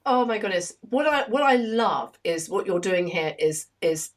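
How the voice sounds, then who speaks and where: A woman in her fifties hosting a podcast, talking enthusiastically with some halting restarts. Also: mid-range voice, animated. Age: 50s. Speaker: podcast host. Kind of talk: podcast interview.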